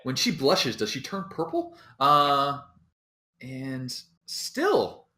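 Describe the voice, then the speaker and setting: A man runs a tabletop game as its dungeon master, drawing out his words slowly. His pitch swings widely as he narrates, relaxed and rambling. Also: roomy sound. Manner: relaxed, rambling, laughs often.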